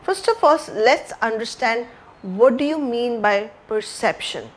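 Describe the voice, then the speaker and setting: A woman with a high voice and an Indian English accent leads a live health talk. She tells stories, repeats key phrases and turns to the audience with questions. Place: library talk room.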